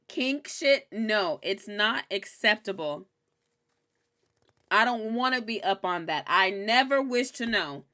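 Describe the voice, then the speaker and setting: A young woman hosts a recap in loose, casual chat, candid and animated, with swearing dropped in freely. Her voice sits at a middling pitch for a woman but carries a bright, forward edge. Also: moderate pace. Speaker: host recapping a TV episode.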